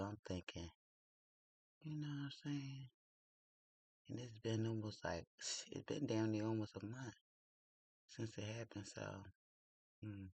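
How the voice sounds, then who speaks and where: A man's voice: lowish voice, gravelly, breathy edge, no echo. A man vlogging at home while doing his makeup, telling a dating story in a gossipy, confiding way. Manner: gossipy and confiding, drawls "child" often. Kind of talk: casual storytelling chat.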